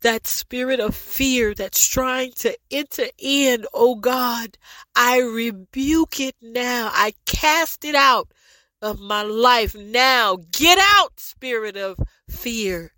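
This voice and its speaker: A woman leading a fervent spoken prayer, pleading and repeating lines, at times rising to shouts and speaking in tongues. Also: on the high side, slow pace, no echo. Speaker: prayer leader.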